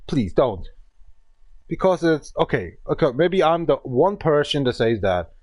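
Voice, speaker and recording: A man in his thirties with a German accent, chatting on a game stream in rough, broken English full of swearing. His fairly high voice swings up and down a lot as he rants. It sounds close and dry, with no room echo. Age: 30s. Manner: ranting, profane, broken English. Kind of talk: casual game-stream chat.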